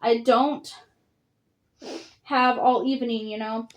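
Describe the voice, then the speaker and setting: A woman's voice: a little high, steady tone, slow, lo-fi sound. Woman reading a sea king, commanding and formal, storybook audiobook. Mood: stately. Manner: formal, stately speech. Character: stern sea king, older man, commanding.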